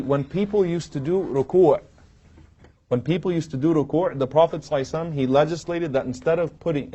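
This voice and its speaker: A man's voice: medium pitch, mellow. A man teaching an Islamic lecture from a podium to a live audience, telling stories and acting out quoted lines with humor. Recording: dull, muffled lo-fi recording.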